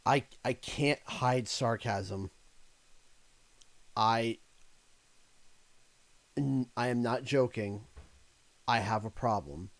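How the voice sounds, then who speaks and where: A man's voice: mid-range voice, very slow, pauses often, no echo. A man chatting casually while livestreaming a game, rambling through stories with lots of laughter. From Canada. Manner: rambling, animated storytelling with frequent laughs. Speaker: gaming livestreamer. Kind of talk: casual chat while playing. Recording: game music clearly audible behind voice. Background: game music playing.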